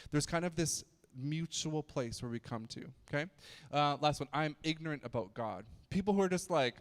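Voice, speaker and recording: Chatty youth pastor in a reverberant hall. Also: male voice, on the high side, expressive, brisk. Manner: chatty, joking, frequent restarts and stammers. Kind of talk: casual youth sermon.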